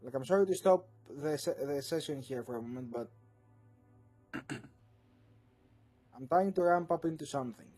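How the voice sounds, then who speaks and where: A man's voice: fairly high pitch, normal speed, long pauses, a little mellow. A man serving as game master, narrating a tabletop game with an earnest tone and steering the players back on track.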